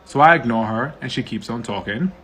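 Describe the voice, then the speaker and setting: A man from the United States casually telling a personal story for his video, animated and indignant, with some swearing. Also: mid-range voice, fairly quick, slight background noise. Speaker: storytime vlogger.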